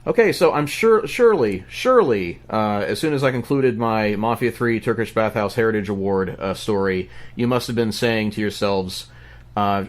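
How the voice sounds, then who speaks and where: A man telling a story on a podcast in an animated way, with lots of stammering restarts. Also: on the low side, moderate pace. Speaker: podcast guest. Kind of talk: casual podcast chat.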